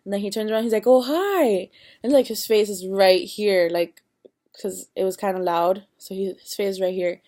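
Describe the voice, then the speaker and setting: A woman's voice: medium pitch, level tone, fairly quick, warm tone. A young woman in her early twenties telling a rambling storytime, swearing freely and acting out what everyone said. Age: young adult. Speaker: vlogger. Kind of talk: casual storytime.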